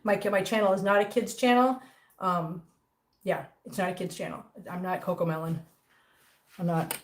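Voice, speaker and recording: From an echoey room at home, a middle-aged woman hosts a casual livestream chat about her cats for her cat channel, teasing and reading viewer comments aloud. Her medium-pitched voice moves at a moderate pace with fairly even intonation.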